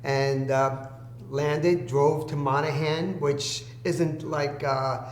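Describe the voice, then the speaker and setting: A man's voice: a little high, level tone, takes it slowly. A man telling a long personal story as a podcast guest, acting out the people he quotes. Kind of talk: storytelling in casual conversation. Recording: echoey room with faint hum.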